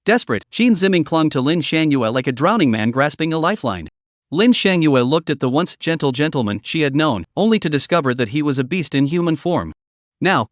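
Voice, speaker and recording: Lively male story recap narrator. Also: fairly high pitch, no echo, clean studio sound.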